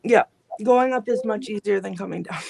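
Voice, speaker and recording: A woman's voice: medium pitch, moderate pace, gravelly, a little mellow, a little hiss or hum. A woman investigating alone in a basement, talking over a video call in a hesitant, rambling, emotional way. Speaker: paranormal investigator. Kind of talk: live remote ghost hunt chat. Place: basement of old building.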